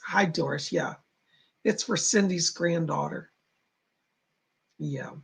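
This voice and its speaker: A man who is a psychic medium giving live readings to viewers in a halting, reassuring way, speaking to them directly. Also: fairly high pitch, gravelly, a bit bright, breathy edge.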